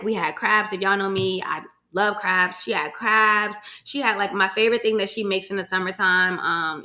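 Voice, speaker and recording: A young woman from Virginia speaks directly to her listeners on her solo podcast, her voice bright, sharp-edged, and mid-pitched for a woman. She shares a personal story loosely and chattily, with plenty of "y'all" and casual swearing. She's emotional and fights back tears at times.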